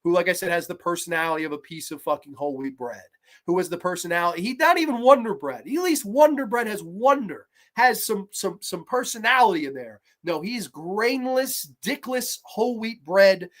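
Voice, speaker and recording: A woman in her thirties hosting a horror movie review show, ranting with heavy profanity and sarcasm, swinging between low mutters and sudden shouts. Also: animated, a little fast. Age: 30s.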